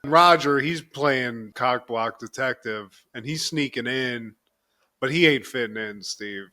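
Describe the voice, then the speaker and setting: A man's voice: medium pitch, unhurried, bright, forceful tone. A man co-hosting a podcast, recapping a show in a loose, laughing, casual way and often calling his co-host by name. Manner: keeps addressing co-host by name.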